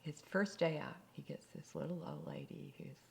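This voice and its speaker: A woman telling faith stories in a casual talk, with halting restarts and whispered asides. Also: deep voice, wildly swooping pitch, vocal fry. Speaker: speaker.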